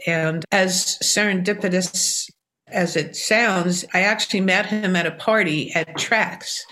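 Older woman telling lively stories. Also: lowish voice, unhurried. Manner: animated, lively anecdotal storytelling. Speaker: songwriter guest. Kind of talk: storytelling interview answers.

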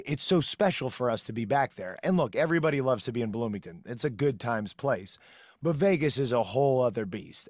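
A man's voice: mid-range voice, dry recording, studio quality. A man co-hosting a podcast, talking casually and enthusiastically, rambling a little. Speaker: podcast co-host. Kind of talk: casual chat.

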